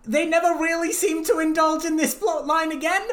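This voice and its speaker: Excitable high-voiced man. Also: fairly quick. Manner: animated, laughs while retelling scenes. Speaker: podcast co-host. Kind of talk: casual film review chat.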